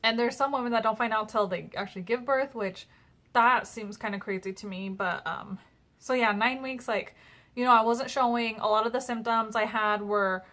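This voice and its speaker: A woman's voice: a little high, normal speed, sharp tone. A young woman chatting casually in a personal vlog, retelling conversations with lots of fillers. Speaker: vlogger.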